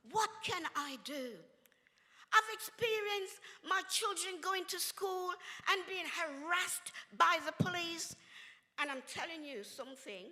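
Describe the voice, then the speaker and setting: An older woman, a reverend, speaks with a high, bright voice and a preacher's emphatic cadence. Her words ring out with a long reverb, as if from a large hall. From England. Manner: emphatic, preacherly, with exclamations and laughter. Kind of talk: impassioned speech at a community event.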